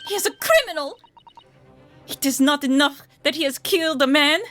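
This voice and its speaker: A woman's voice: sits high, normal speed, music in the background, voice pushed up, close to an everyday voice. A woman voicing a young Russian stewardess who shrieks accusations, with a put-on Russian accent and rolled R's. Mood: accusing.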